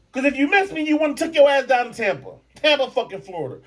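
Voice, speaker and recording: A brash man hosts a podcast in a comedic rant, swearing freely and mocking his targets. His pitch swings widely as he goes, rising and dropping with every jab. He is from Michigan. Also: very animated, fast, few pauses. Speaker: podcast host.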